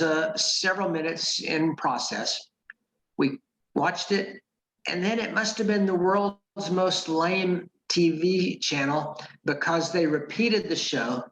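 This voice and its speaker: A middle-aged man tells a personal story at a club meeting. He speaks in a measured, wry way and slips in dry asides. His voice sits slightly high and carries a noticeable room echo. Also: a bit bright, slight background noise. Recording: roomy echo.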